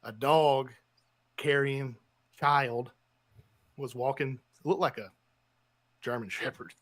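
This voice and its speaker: A podcast co-host, a man, spins a self-mocking story with quick bursts and sudden shouts. His voice sits in an ordinary middle pitch. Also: no echo. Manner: animated storytelling, self-deprecating. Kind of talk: casual chat.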